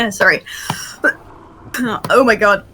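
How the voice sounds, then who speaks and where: Speaking extremely slowly in a sharp, medium-pitched voice, a woman hosts a group roleplay training over slight background noise. She's giggly, laughs often while instructing, and has fits of coughing.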